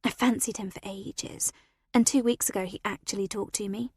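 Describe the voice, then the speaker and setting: Gravelly woman narrating a story. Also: medium pitch, moderate pace, no echo. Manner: expressive, animated storytelling. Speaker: audiobook narrator. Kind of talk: first-person scripted narration.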